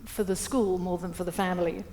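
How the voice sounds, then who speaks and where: A woman's voice: fairly low pitch, a little fast, a little hiss or hum. A middle-aged woman giving a humorous, self-deprecating storytelling speech at a breakfast event. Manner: lively, self-deprecating, acts out quotes. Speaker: keynote speaker. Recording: echoey event hall.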